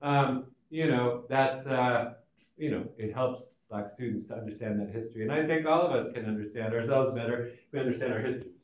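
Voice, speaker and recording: A man lecturing on sociology in a relaxed, conversational way, with frequent fillers and restarts. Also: medium pitch, brisk. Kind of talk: recorded college lecture. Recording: echoey room, mic at a distance.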